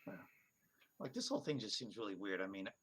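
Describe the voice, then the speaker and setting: A man's voice: fairly low pitch, animated, fast, a crowd in the background. A man playing a tabletop game, chatting casually and sounding puzzled. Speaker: player.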